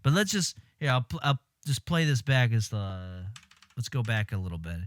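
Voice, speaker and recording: On a stream, a man riffs casually on film clips, sounding animated and exasperated as he swears and laughs. His voice is mid-range, his pace moderate, and there's no echo.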